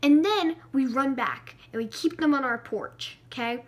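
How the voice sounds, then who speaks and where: A woman vlogger telling a story time tale with animated, dramatic delivery. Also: high voice, measured pace, dull audio.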